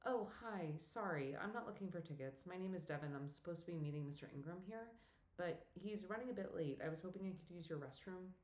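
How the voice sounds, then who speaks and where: A woman's voice: fairly low pitch, expressive, brisk, darkish tone, lightly acted. A woman narrator voicing a flustered, apologetic young woman new to working in theater. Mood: polite. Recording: echoey room.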